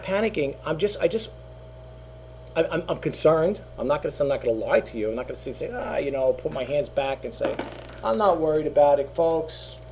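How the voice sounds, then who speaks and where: A middle-aged eBay reseller and YouTuber talks casually to his channel in a talking-head monologue, rambling, repeating himself and using lots of fillers. His mid-range voice is gravelly and warm, with slight background noise behind it.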